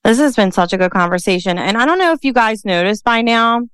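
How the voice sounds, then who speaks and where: A woman's voice: on the high side, lively intonation, quick pace, a bit bright, clear, resonant tone, no room sound. A woman with a Philadelphia accent hosting a casual podcast conversation, chatty and peppered with "like" and "you know.". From Philadelphia, USA. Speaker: podcast host and coach.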